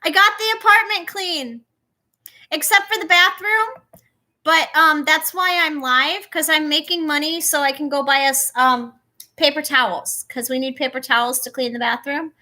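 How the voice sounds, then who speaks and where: A woman's voice: high voice, fairly even intonation, moderate pace, bright, forceful tone. A young woman reading tarot on a live stream, chatting casually and greeting viewers by name.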